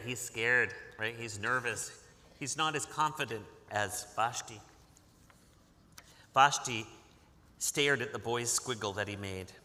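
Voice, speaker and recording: A man's voice: medium pitch, sharp tone. A man from Massachusetts who reads a picture book aloud to children, coaxing them into call-and-response. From Massachusetts, USA. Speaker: author reading to children. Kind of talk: interactive picture-book reading. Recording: long hall reverb.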